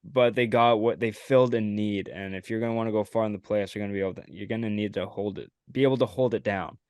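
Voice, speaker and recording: A man's voice: lowish voice, steady tone, fast talker, darkish tone, smooth, no room sound, studio quality. A man hosting a casual sports podcast, laughing often and agreeing easily. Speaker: podcast host.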